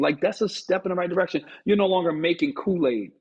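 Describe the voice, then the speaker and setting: A man's voice: sits high, fast, husky. A man giving a motivational talk straight to the viewer, preachy and playful, teasing his listeners as he makes his point. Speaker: motivational speaker. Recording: dull lo-fi recording.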